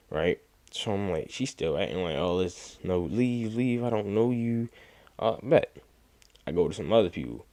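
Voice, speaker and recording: Lively young man telling a dream story. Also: fairly low pitch, creaky, dry recording. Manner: animated, acts out quoted lines in a raised voice. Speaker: gaming YouTuber. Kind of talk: casual storytime recap.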